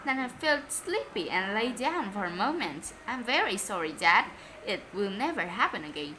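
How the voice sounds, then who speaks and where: A woman's voice: mid-range voice, very animated, moderate pace, bright, forceful tone, a little hiss or hum, low-quality recording. A woman voicing a whiny, well-behaved young boy who sniffles and tattles. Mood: sweetly apologetic. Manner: sniveling, tattling.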